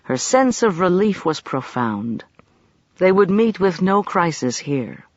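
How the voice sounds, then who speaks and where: A narrator reading a novel aloud in a measured, expressive way. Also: mid-range voice, no room sound, dull audio. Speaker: audiobook narrator. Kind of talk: audiobook narration.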